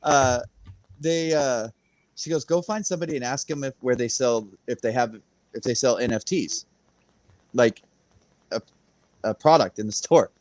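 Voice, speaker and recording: A man tells a story in a loose, rambling way, laughing often and acting out what people said. His voice sits at a middle pitch. The sound is dry and close, with little room. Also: moderate pace, pauses often, darkish tone, dry recording. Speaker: guest on a crypto livestream. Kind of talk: casual storytelling chat.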